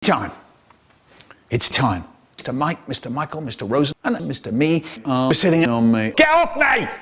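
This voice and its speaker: Animated man telling comic stories. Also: medium pitch. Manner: animated, theatrical, jumps between loud outbursts and mutters. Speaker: storyteller. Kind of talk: comic anecdote narration, chopped and remixed.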